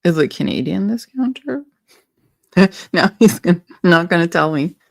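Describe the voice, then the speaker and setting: Low, gravelly woman chatting playfully. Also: expressive, a little slow, dry recording. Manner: playful and silly, chatting with viewers. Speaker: livestream host reviewing perfumes. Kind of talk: casual livestream chat.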